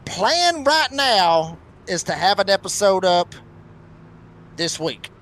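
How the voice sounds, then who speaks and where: A man calls the action of an online truck race. His voice sits high and he drawls through the replays with rising excitement. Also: takes it slowly, a little hiss or hum. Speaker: race commentator. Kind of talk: sim racing broadcast commentary.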